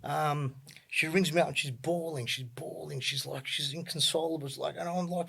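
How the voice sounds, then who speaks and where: A man's voice: on the high side, steady tone, normal speed, gravelly, fairly bright tone, husky. A middle-aged Australian man, talking casually as a podcast guest. He tells his story in a rambling way, circling back with ums and repeated words. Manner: rambling, lots of fillers and repeats.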